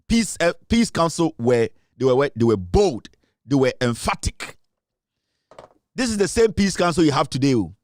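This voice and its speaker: A man's voice: fairly high pitch, no room sound, studio quality. Emphatic Ghanaian man hosting commentary. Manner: emphatic, repeats points, mixes English and Twi. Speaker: show host. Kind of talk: political commentary show.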